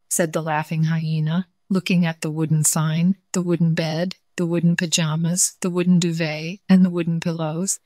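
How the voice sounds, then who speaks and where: A woman storyteller reading a children's story aloud in a gentle, clear way. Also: low voice, fairly even intonation, normal speed, hardly any pauses, no room sound, studio quality.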